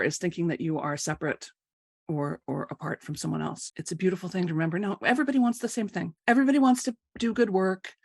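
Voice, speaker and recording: Fast-talking woman hosting a live talk. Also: low voice, dry recording, studio quality. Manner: chatty, laughs often, acts out dialogue. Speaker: host of a live coaching show. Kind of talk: casual live talk to viewers.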